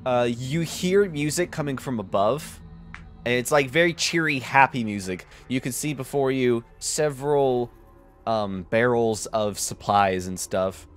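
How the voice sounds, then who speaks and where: A man narrating a tabletop role-playing game as game master, casual and quick to laugh. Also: medium pitch, soft background music.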